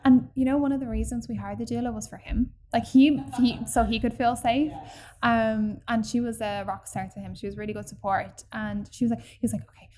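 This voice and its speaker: A woman telling a personal story in casual podcast chat, animated and full of fillers. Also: a little high, a little fast. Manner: chatty and animated, acts out quoted people, many fillers.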